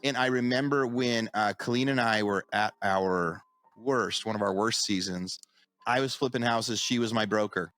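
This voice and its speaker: A man's voice: fairly low pitch, normal speed, a bit bright, no echo. A middle-aged man co-hosting a podcast, chatting casually and telling stories that act out the people in them. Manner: storytelling, acts out quoted voices. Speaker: podcast co-host. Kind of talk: casual chat.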